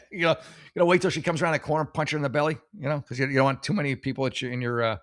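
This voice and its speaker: A man's voice: mid-range voice, fairly even intonation, racing. A man hosting a show, giving blunt, sarcastic advice in rambling casual commentary on posts he reads out. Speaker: host giving mock advice.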